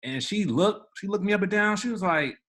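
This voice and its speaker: His voice sits high and runs a little fast. A young man from the Washington DC area, Maryland, he co-hosts a podcast and tells a story in casual chat, animatedly acting out the voices of the people in it.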